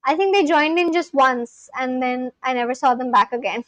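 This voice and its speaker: A high-pitched woman chats casually with her live-stream audience. She reads their messages aloud and answers each one. The sound is close and dry, with no room around it. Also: normal speed, a bit bright, no room sound, low-quality recording. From Kolkata, India. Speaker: livestreamer.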